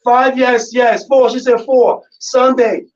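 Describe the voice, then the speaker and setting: Excitable high-voiced radio host. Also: male voice, slow, recorded from a distance, highs cut off. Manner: loud, excitable, chanting ad-libs. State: voice going raspy. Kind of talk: hype live radio banter.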